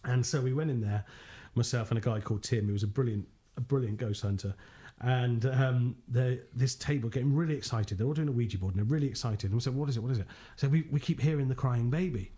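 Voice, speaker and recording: A man, a ghost hunter telling animated anecdotes in casual podcast chat, laughing often and acting out quotes. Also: mid-range voice, fast, hardly any pauses.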